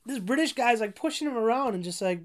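A woman's voice: a little high, expressive, fast talker. A woman ranting casually about a movie, rambling with constant "like" fillers, profanity and frequent laughs.

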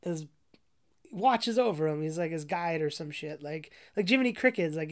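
Rambling low-voiced woman ranting about a movie. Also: lively intonation, normal speed, a little mellow. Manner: rambling, full of "like" fillers, profane, laughs often. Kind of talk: casual rambling movie rant.

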